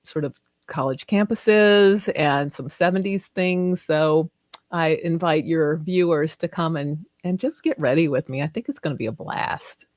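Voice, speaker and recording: A woman's voice: deep voice, darkish tone, no room sound, clean studio sound. Chatty Southern woman on a video call. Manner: effusive, chatty, quick to laugh. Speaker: guest author. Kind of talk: casual video interview.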